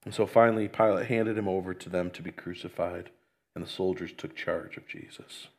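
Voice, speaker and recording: A man's voice: low voice, steady tone, brisk. A male pastor praying and then reading scripture aloud in an earnest, emphatic way. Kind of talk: sermon with prayer and scripture reading.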